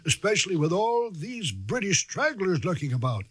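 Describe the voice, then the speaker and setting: A kindly old country doctor. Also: male voice, sits high, very animated, normal speed, a bit bright, slight background noise. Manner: soothing, old-fashioned phrasing. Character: kindly older country doctor, gentle and hospitable.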